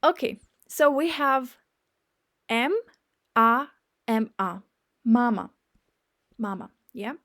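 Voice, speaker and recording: A woman's voice: fairly high pitch, animated, a bit bright. A woman teaching a beginner language lesson, spelling out words and checking in with "yeah?" after each point. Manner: spells out and repeats words slowly.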